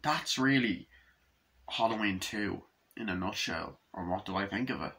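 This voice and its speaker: A man reviewing a film in a casual, excited way, swearing often and acting out quoted lines, with a husky voice. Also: on the low side, normal speed, slight background noise. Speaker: movie reviewer.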